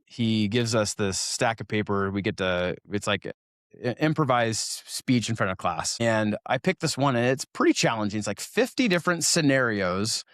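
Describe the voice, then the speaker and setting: A man's voice: fairly low pitch, expressive, moderate pace, fairly bright tone, dry recording, studio quality. Self-mocking man in his forties. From Oregon, US. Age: 40s. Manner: self-deprecating, laughs while telling stories. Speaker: interview guest. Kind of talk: casual storytelling interview.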